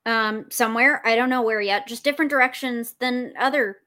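A woman's voice: on the high side, fairly quick, sharp tone. A woman playing in a tabletop game, chatty and hesitant, giggling often. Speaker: player. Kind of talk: casual tabletop role-play.

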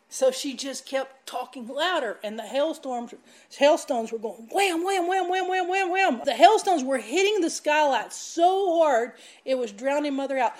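A woman preaching a sermon, emphatic and animated as she tells stories. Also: a little high. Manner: animated, emphatic, laughs while telling stories. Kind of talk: sermon with storytelling.

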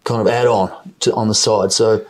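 A man's voice: fairly low pitch, steady tone, normal speed. A man from New Zealand with a New Zealand accent, a mining company executive answering questions in a conversational interview, often repeating words as he explains.

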